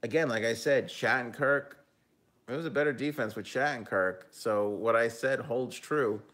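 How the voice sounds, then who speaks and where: A man's voice: medium pitch, moderate pace, fairly bright tone. A man hosting a live hockey talk stream, chatting casually, giving his picks and reading viewer comments aloud. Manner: casual, chatty, with frequent ums and self-corrections. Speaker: hockey talk show host and analyst.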